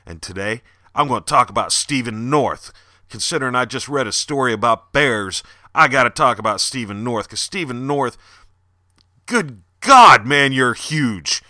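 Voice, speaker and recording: A man with a Southern accent who hosts a podcast, reading a dark horror story and then plugging books in loud, animated chat. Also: mid-range voice, moderate pace, no echo, studio quality. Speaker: podcast host and horror author.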